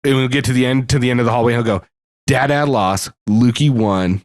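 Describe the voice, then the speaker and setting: A man's voice: mid-range voice, fairly even intonation, fairly quick, no room sound, studio quality. A man hosting a podcast, joking around with plenty of swearing. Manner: profane, joking. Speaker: podcast host. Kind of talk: casual chat.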